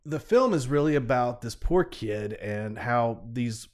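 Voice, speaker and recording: A man's voice: mid-range voice, lively intonation, measured pace. Rambling male podcast panelist. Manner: rambling storyteller, acts out quotes. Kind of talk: casual chat.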